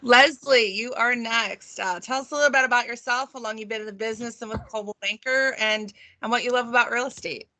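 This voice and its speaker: Encouraging woman panel host, bright tone, dry video call. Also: fairly high pitch, fairly quick, hardly any pauses, dry recording. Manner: upbeat and encouraging.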